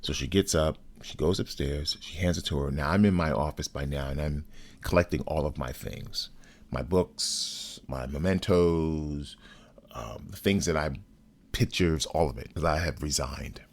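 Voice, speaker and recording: A man with an extremely deep, low voice tells a story from his own life. He speaks in a measured, deliberate way and curses bluntly now and then. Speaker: podcast host. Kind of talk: personal storytelling.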